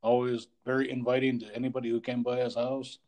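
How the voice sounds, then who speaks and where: A man in a relaxed chat, speaking in a quiet, low-key way. His voice sits at an ordinary middle pitch, and he mostly adds short agreements and brief memories. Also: quick pace. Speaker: friend sharing memories. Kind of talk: casual conversation.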